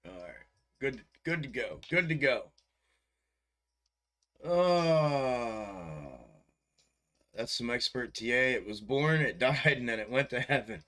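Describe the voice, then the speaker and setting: A man's voice: medium pitch, animated, slow, pauses often, fairly bright tone. A man hosting a stock market livestream in casual chat, laid-back and profane, often chuckling and calling viewers bro. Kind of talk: casual live-stream chat.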